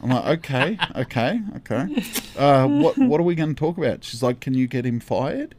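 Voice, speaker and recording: Animated man telling a funny story. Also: medium pitch, normal speed, a little hiss or hum. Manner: animated, acts out dialogue with laughs. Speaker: podcast co-host. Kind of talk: casual storytelling chat.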